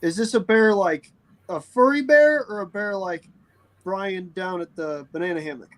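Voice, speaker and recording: A man on a tabletop painting stream chatting casually, reacting quickly and explaining his painting. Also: high-pitched.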